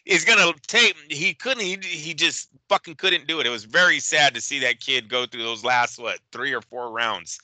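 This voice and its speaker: A man's voice: medium pitch, sharp tone, no room sound, rough recording. A man co-hosting a boxing podcast, giving emphatic, profane fight analysis in casual chat. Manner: emphatic, profane, rapid-fire opinions.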